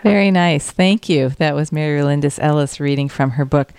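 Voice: medium pitch, moderate pace, a little mellow, clear, resonant tone, no room sound. A radio host interviewing an author, appreciative and searching for words.

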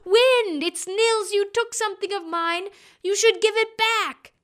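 A woman voicing an earnest young peasant boy who shouts and pleads in a raised voice. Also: extremely high pitch, unhurried, voice pushed up. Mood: shouting.

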